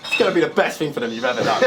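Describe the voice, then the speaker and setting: High-voiced London man mocking at a battle. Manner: mocking, punchline-driven, repeats "listen". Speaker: battle rapper. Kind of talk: rap battle performance. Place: live venue with audience. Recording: loud crowd and noise, live event.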